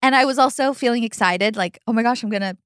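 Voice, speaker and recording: A woman's voice: fairly high pitch, fast, a bit bright, clean tone, no echo, clean studio sound. A young adult woman hosting a podcast, telling a personal story in casual chat, chatty and full of fillers, laughing often.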